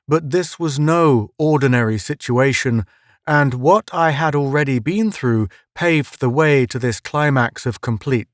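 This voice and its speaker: A man's voice: mid-range voice, no room sound, clean studio sound. Man narrating a suspense story. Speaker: audiobook narrator. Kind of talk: scripted first-person narration.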